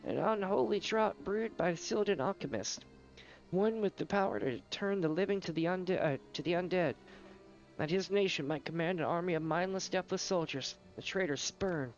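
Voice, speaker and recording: A man's voice: sits high, normal speed, muffled recording, soft background music, voice pushed up. A man putting on a fierce grieving old mother. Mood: grim. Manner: theatrical, rustic old-woman lilt, nagging "eh?". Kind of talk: reading game dialogue aloud.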